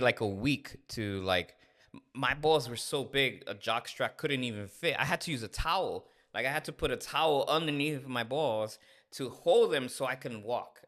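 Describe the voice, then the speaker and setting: Candid storytelling man with a bright voice. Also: mid-range voice. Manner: candid, animated, acts out dialogue. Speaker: podcast co-host. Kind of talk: casual storytelling.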